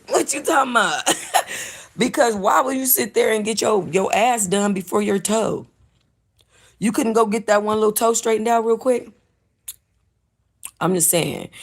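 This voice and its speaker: A tired woman hosts her livestream in a loose, profane style, laughing as she reacts. Her voice has a gravelly edge and sits at a middle pitch. She talks casually and bluntly. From North Hollywood, California. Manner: loud, profane, laughing commentary. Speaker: livestream host.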